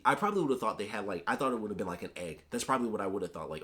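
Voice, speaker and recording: Animated low-voiced man chatting about movies. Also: very fast. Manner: animated, chatty, many filler words. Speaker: movie reviewer. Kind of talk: casual movie review.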